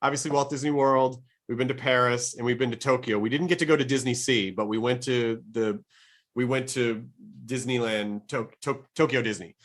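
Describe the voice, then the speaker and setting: This podcast host is a middle-aged man with a medium-pitched voice, fairly even intonation, and a normal speed. Chatting eagerly in a casual interview, he rambles and keeps restarting his thoughts.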